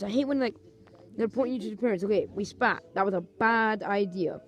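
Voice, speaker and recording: A young Scottish woman vlogs comic stories in a brisk, medium-pitched voice. She hops between plain narration and over-the-top character voices, acting out little skits as she goes.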